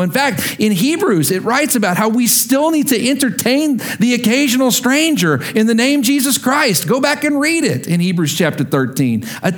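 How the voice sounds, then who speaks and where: A man preaching a sermon, telling a story in a chatty way, putting questions to his listeners and building to emphatic points. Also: very high-pitched. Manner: conversational, asks the congregation questions, grows emphatic. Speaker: pastor.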